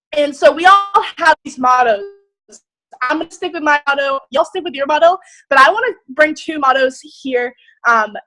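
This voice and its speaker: High-voiced, excited motivational woman. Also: poor audio. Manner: excited, emphatic, swears casually. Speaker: group leader. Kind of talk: motivational talk on a video call.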